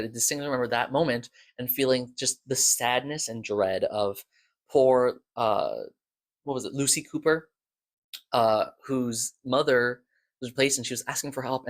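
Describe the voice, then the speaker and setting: A man casually retelling plot points in a loose, rambling way, slipping into quoted lines as he goes. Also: mid-range voice. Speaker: video creator reviewing podcast episodes.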